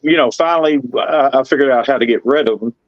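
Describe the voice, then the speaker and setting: A middle-aged man, telling rambling, excitable stories in casual chat. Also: medium pitch, fast talker, no echo, highs cut off. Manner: folksy, rambling, excitable storyteller. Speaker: guest telling paranormal stories.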